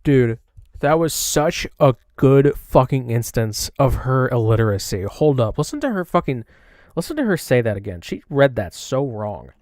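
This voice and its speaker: A man's voice: medium pitch, sing-song, moderate pace, darkish tone, no echo. A man with a mid-range voice picks apart someone else's words in sarcastic, swearing commentary. His delivery is mocking and exasperated. The sound is dry, with no room around it. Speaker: commentary streamer. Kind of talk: reaction commentary.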